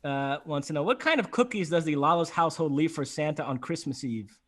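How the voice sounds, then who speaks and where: A man co-hosting a casual podcast, talking in a relaxed, conversational way. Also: a little high, brisk. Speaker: podcast co-host.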